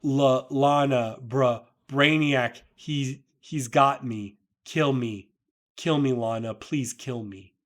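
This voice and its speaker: A man voicing a captive male villain who begs for death in slow, halting pleas while reading a comic aloud. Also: medium pitch, close to an everyday voice. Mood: desperate pleading.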